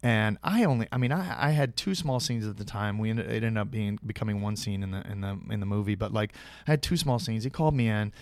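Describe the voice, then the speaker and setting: A man's voice: lowish voice, fast, no room sound. A man, an actor guest, casually telling a long anecdote with frequent restarts and acted-out quoted dialogue. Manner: rambling, many restarts, acts out quoted dialogue.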